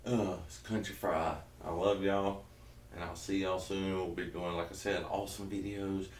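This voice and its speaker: A man's voice: deep voice, little pitch movement, moderate pace, echoey room, distant mic, a little hiss or hum. Rambling Southern man in his thirties. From South Georgia, US. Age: 30s. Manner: rambling, jokey, self-interrupting. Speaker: keto vlogger. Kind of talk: casual rambling vlog.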